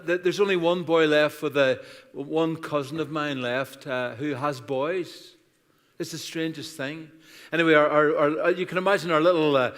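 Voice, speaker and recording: A man's voice: on the high side, a bit bright, smooth. Irish man in his sixties, preaching in a big hall. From Ireland. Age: 60s. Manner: chatty, self-deprecating, bursts of laughter. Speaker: guest pastor. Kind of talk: humorous sermon storytelling. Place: church auditorium. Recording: reverberant church hall.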